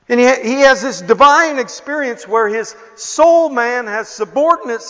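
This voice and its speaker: An older male pastor preaches with passion in a high, bright voice and an unhurried delivery. The sound is dull and lo-fi, with a long echo from a large hall. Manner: impassioned storytelling, rising to near-shouts. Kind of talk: sermon.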